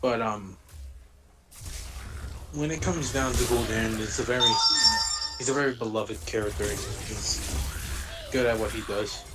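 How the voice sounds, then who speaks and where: A man's voice: fairly low pitch, measured pace, pauses often, loud music behind the voice. A man co-hosting a gaming stream in casual chat, rambling with plenty of fillers. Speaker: stream co-host. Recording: echoey room.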